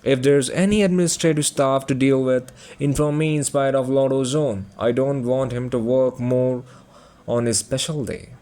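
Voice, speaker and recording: A man's voice: medium pitch, fairly even intonation, moderate pace, mellow, close to an everyday voice. A man voicing a firm, decisive young angel prince in a storybook reading, giving orders.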